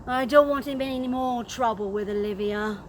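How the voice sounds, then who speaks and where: A woman's voice: a little high, fairly quick, slight background noise, lightly acted. A woman voicing a weary male knight who gives in with a sigh, in a storybook telling. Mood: resigned. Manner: resigned.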